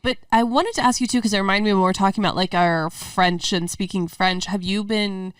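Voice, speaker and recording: A woman's voice: mid-range voice, fairly quick, clean tone, dry recording. A woman as a podcast guest, chatty and amused, telling anecdotes in casual conversation. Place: garage. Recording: dry, slightly distant mic.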